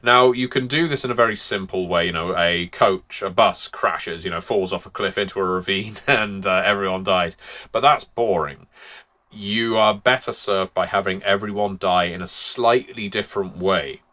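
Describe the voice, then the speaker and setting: Deep-voiced man explaining tabletop tips. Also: moderate pace, bright, forceful tone. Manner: chatty, explanatory, demonstrative. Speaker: game master and channel host.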